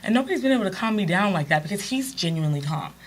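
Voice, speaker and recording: A woman's voice: mid-range voice, very fast. A woman guest in a casual interview, telling stories with lots of energy and acting out what people said. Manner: animated storyteller who acts out quotes.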